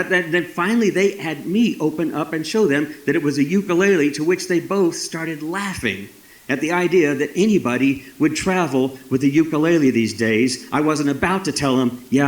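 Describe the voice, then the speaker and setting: A man's voice: a little high, reverberant, low-quality recording. A man in his sixties from Texas, telling a story live at a festival in a folksy, dramatic way with wry asides. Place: festival stage.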